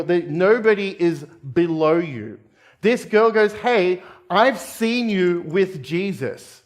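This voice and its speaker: Brief: Australian man, pastor type, casual but earnest sermon delivery, voice sitting a touch high. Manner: conversational, addresses listeners as guys and friends. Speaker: preacher. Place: church.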